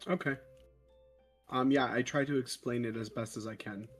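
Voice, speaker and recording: A man's voice: medium pitch, fairly even intonation, normal speed, faint music behind. A man playing a tabletop game character, rambling and stumbling through explanations with many fillers. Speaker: player.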